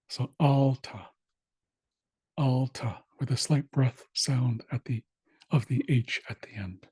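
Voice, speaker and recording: Man instructor, online lesson, dry close sound, husky tone, steady delivery with filler pauses. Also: medium pitch, no room sound. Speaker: language instructor. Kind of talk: online class screen-share walkthrough.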